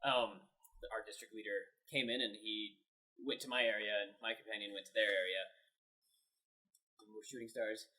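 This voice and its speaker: A man's voice: on the low side, normal speed, pauses often, poor audio. A young man telling casual stories with frequent laughter while playing a game with a friend. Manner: animated, laughs often. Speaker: co-host and game player. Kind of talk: casual storytelling while gaming.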